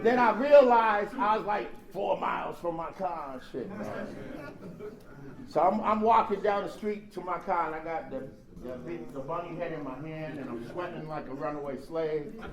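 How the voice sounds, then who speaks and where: A man with a high voice tells a comic story about his past in an animated way. His voice rings through a large echoey hall, and a big crowd laughs along behind him. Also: moderate pace. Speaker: speaker sharing recovery story. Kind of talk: storytelling share at a recovery convention. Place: large convention hall with audience.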